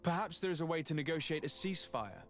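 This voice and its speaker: Reasoned young noble, voiced by a man, slightly high voice. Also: fast, a bit bright, faint music behind, natural voice. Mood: calm. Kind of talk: video game dialogue.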